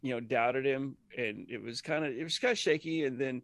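A man's voice: mid-range voice, brisk, a bit bright, dry recording. A man co-hosting a podcast, telling rambling personal stories in casual chat, often breaking off mid-sentence. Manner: rambling, self-interrupting storyteller. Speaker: podcast co-host. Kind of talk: casual chat about a TV episode.

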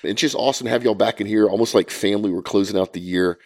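A man's voice: fairly low pitch, fast, darkish tone. A man co-hosting a podcast in a studio room with guests, joking with them in casual chat. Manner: joking, laughs easily. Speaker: podcast co-host.

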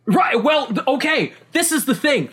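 A man chatting casually about a video game, excitable and rambling, with many restarts and laughs mid-sentence. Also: very high-pitched, moderate pace. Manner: casual swearing.

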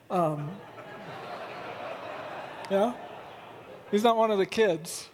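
High-voiced man preaching a casual sermon. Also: takes it slowly, pauses often, slight background noise. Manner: conversational, humorous storytelling. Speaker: pastor. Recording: long reverb of a large hall.

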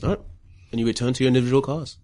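A man's voice: mid-range voice, very fast, mellow, slight background noise. A man running a tabletop game as game master, narrating in a put-on English accent that he keeps losing, laughing often.

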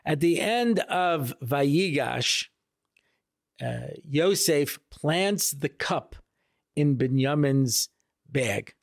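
Animated rabbi with a gravelly voice. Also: male voice, extremely slow, dry recording, clean studio sound. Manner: animated, jokey, acts out quotes with big pitch jumps. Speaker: rabbi giving a weekly Torah talk. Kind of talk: casual storytelling sermon.

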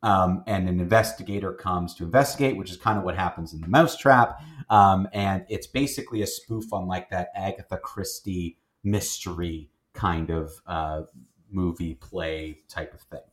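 A man with a lowish voice chats casually about films as a host. He rambles along, circling back with fillers and restarts. He sounds easygoing and conversational. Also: normal speed. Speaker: film review host. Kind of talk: casual movie review chat.

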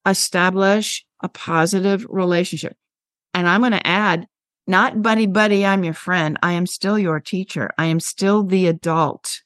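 A woman's voice: on the low side, fairly even intonation, measured pace, a bit bright, no room sound, studio quality. A woman in her sixties, a veteran health teacher, speaking passionately as a podcast guest, telling classroom stories with emphasis. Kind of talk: podcast interview.

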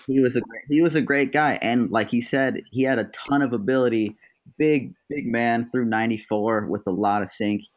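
Man, ex-ballplayer, easygoing amused recollection, mid-pitched. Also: normal speed. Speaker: former ballplayer guest. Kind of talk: casual storytelling chat.

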